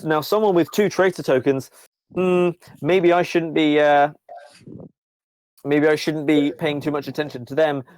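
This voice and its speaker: A man's voice: on the high side, steady tone, a little slow, a little mellow, pitched above the performer's own voice, close to an everyday voice, low-quality recording. A man doing a sly hesitant official. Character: wary female bot-handler, sly.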